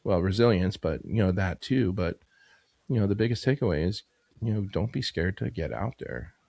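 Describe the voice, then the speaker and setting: A man's voice: low voice, animated, moderate pace, vocal fry, darkish tone, no room sound. A man in his fifties, a business owner and podcast guest, telling a story in a rambling, casual way full of "you know" and "like.".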